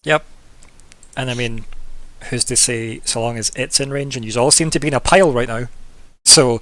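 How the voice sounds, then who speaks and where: A man at a middle pitch talks as game master, going through the rules step by step with easy laughter. The sound is dry and close, with no room around it. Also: normal speed, a bit bright, no room sound. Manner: patient, explaining step by step, laughs often. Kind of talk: explaining rules in a tabletop game.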